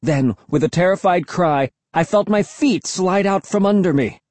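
An audiobook narrator giving a dramatic, expressive first-person reading. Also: mid-range voice, moderate pace, dry recording.

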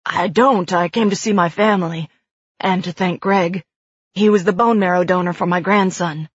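A woman voicing an easygoing older man who talks in a folksy, relaxed way. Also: on the low side, moderate pace, husky, no echo. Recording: dull dry studio read.

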